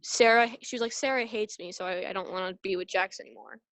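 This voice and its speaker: A young woman talks on a video call, hesitant and full of fillers. Her voice sits at a middle pitch, and the sound is dry and close. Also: fast talker, a bit bright, no room sound, rough recording. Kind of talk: casual chat.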